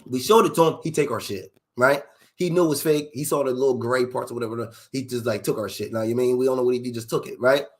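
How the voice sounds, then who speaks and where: A man's voice: medium pitch, quick pace. A man casually telling a personal story in loose, profane street slang, full of fillers.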